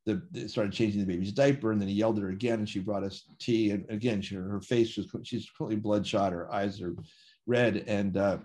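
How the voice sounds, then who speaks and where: Low-voiced man telling a story. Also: fairly even intonation, a little fast, darkish tone. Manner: vivid anecdotal storytelling, acts out dialogue with quoted voices. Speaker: interview guest. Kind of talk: casual storytelling.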